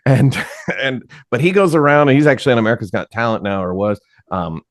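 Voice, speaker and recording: A man, a podcast guest, explaining things in a relaxed, matter-of-fact way during casual conversation. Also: mid-range voice, brisk, no room sound, studio quality. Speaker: podcast guest, writer and improv teacher.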